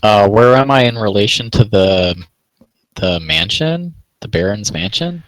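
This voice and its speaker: A man with a very low voice talks through a tabletop game, hesitant and restarting his sentences. The sound is dry and close. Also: animated, measured pace, fairly bright tone, no echo, low-quality recording. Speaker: player. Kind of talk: casual tabletop play.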